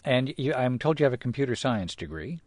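A man interviewing guests in a polite, measured broadcast style. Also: medium pitch, very animated, a little mellow, dry recording.

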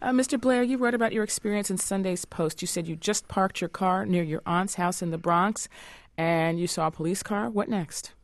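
A woman hosting a radio news program, presenting in a measured, formal way and interviewing guests. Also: mid-range voice, dry recording. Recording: dry studio sound.

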